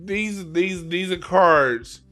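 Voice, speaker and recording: A man's voice: sits high, very slow, bright, forceful tone, soft background music. A man reading playing cards for a yearly forecast, talking casually in an emphatic, slangy way, often repeating and restarting his phrases. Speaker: card reader. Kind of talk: casual explainer monologue.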